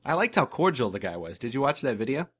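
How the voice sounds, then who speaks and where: A man's voice: medium pitch, very animated, fast, fairly bright tone, husky. Podcast co-host, man, dry sarcastic jokes, casual chat.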